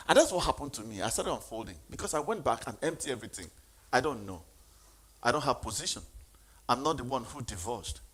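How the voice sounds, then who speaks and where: A man's voice: mid-range voice, fairly bright tone, a little hiss or hum. A man giving a motivational sermon, speaking emphatically and questioning the audience.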